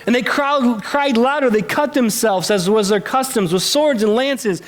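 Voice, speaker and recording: A man with a fairly high voice preaches a sermon in a church. He retells a Bible story with animated energy and slips into the characters' lines as he goes. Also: moderate pace. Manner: animated storytelling, acting out quotes. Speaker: pastor. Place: church sanctuary.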